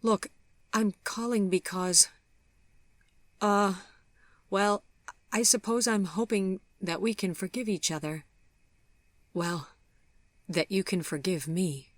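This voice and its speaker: A woman voicing a young man who speaks gently and hesitantly, apologizing. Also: medium pitch, takes it slowly, long pauses, no echo, voice pushed up, natural voice. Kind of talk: audiobook character voice.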